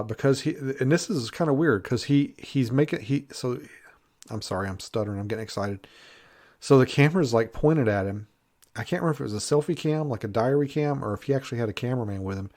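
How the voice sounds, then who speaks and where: A Bigfoot researcher reviews a TV show in a casual, rambling way, his medium-pitched, slightly mellow voice full of fillers. He sounds a bit congested and laughs at his own jokes.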